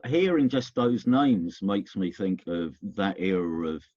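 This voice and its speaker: A man's voice: low voice, animated, a little slow, a little mellow, no room sound, muffled recording. A man, casually reminiscing as a guest and rambling with restarts. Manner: rambling, self-interrupting storyteller.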